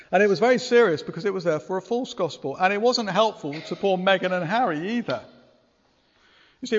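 Male preacher, raised pitch, earnest and chatty, long church reverb, muffled lo-fi sound. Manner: earnest, conversational, with rhetorical questions. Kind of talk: sermon.

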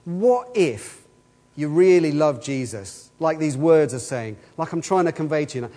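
A man with an expressive, darkish voice on the high side preaches at normal speed. Earnest in manner, he repeats rhetorical questions throughout, and a long hall reverb hangs over the recording.

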